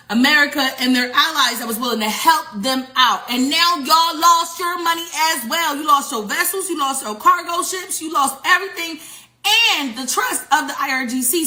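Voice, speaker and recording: A woman riffs through casual political commentary, mocking and profane. Her voice is high and bright.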